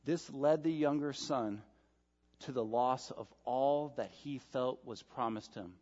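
A male pastor preaching a sermon, emphatic, swinging between loud stresses and soft, quiet asides. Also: mid-range voice, a little slow. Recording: dull sound with long hall reverb.

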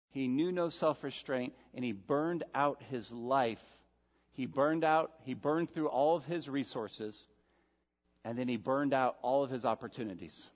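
A male pastor preaching a sermon, emphatic, swinging between loud stresses and soft, quiet asides. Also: mid-range voice. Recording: dull sound with long hall reverb.

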